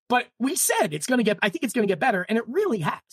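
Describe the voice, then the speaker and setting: A woman's voice: on the high side, very animated, fast talker, husky, no room sound, clean studio sound. Chatty woman podcast co-host. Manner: chatty, lots of "like" and restarts. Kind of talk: casual book-club chat.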